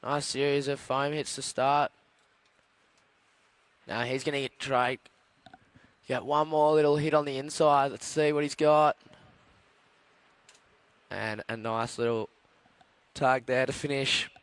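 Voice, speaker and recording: A man calls a surf heat in a clear, smooth voice of middle pitch. He runs through the scores and colours steadily, keeping the play-by-play informative. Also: fairly even intonation, slow pace, long pauses, dry recording. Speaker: surf commentator. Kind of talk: live sports commentary.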